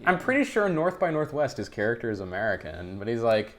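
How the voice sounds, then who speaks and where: Male co-host, casual movie talk, very lively pitch, filler-heavy. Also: fairly quick. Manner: animated, laughing, filler-heavy. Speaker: podcast co-host. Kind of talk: casual film chat.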